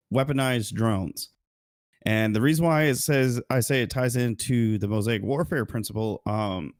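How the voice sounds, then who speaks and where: A man's voice: mid-range voice, no room sound, studio quality. A man co-hosting a casual podcast, rambling through news with frequent fillers and self-corrections. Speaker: podcast co-host.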